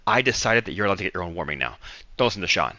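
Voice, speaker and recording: A man's voice: deep voice, lively intonation, very fast, sharp tone, no room sound, voice pushed down. A man voicing a bossy male shift leader who dismissively asserts his authority.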